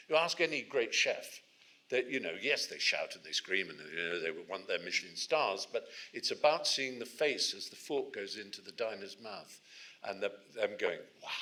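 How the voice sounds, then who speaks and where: A man's voice: mid-range voice, pushed and bright. A man in his sixties from England, speaking to a student audience as guest speaker, telling anecdotes with frequent restarts. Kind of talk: storytelling talk to a student audience. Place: lecture hall.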